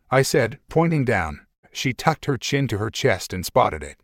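Lowish man narrating a first-person story. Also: lively intonation, normal speed, dry recording, clean studio sound. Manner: wry, conversational storytelling.

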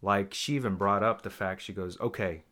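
A man chatting casually, telling lively stories and acting out what others said. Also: on the low side, normal speed. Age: adult with stepdaughter. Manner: animated storyteller, acts out quotes. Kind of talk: casual chat.

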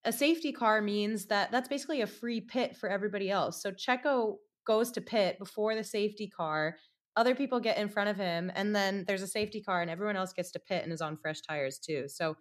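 A young woman co-hosts a casual sports podcast and explains things in a plain, steady way. Her voice sits at a middle pitch for a woman. Her delivery is unfussy and conversational. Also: fairly quick. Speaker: podcast co-host.

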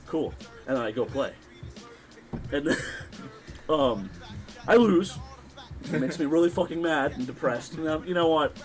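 A man's voice: on the high side, animated, unhurried, long pauses, soft background music, poor audio. A man hosting a podcast, telling a story with lots of swearing and laughter. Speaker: podcast host. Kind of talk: casual chat.

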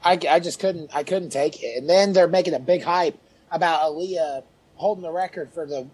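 A man's voice: on the high side, normal speed, darkish tone, husky. A man co-hosting a casual podcast chat, with exasperated, profane ranting. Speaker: podcast co-host.

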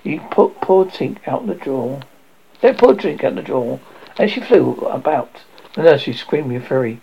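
Storybook reader, halting with restarts, gravelly husky voice, muffled lo-fi sound. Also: medium pitch, expressive, slight background noise. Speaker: audiobook reader. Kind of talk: amateur storybook reading. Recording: dull lo-fi recording.

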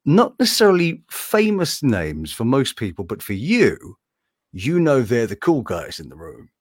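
A male voice actor talks casually in an interview, his pitch leaping around as he gets animated. His voice sits in a middle range. The sound is dry and close. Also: unhurried, slightly rough, dry recording. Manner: animated, slips between impressions. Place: room with animation art on the walls.

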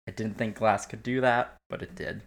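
A man's voice: fairly low pitch, steady tone, moderate pace, gravelly. A man co-hosting a podcast in casual, giggly, joking chat. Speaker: podcast co-host.

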